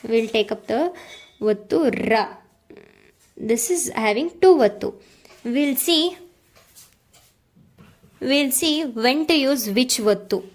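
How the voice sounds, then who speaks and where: A woman's voice: high-pitched, expressive, slow pace, pauses often. A woman teaching a language lesson, repeating words and checking in with "okay" and "right.". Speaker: Kannada teacher. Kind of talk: slow explanatory lesson.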